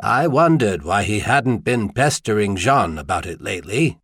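A man's voice: lowish voice, animated, fairly bright tone, slightly rough, dry recording, studio quality, exaggerated voice. A man voicing a wry, thoughtful archbishop. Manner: wry, measured.

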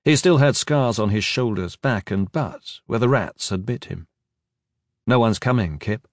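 A man's voice: on the low side, animated, moderate pace, dry recording, clean studio sound. A man giving an intense, dramatic fantasy audiobook narration with shifting emphasis.

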